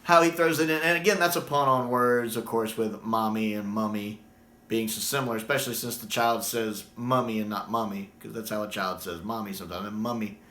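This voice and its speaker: A man in casual fan commentary, enthusiastic and animated whenever he repeats a favorite line. His voice sits mid-range. The room around him is echoey. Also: medium pitch. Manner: enthusiastic, animated when quoting lines. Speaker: YouTube commentator. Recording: roomy echo.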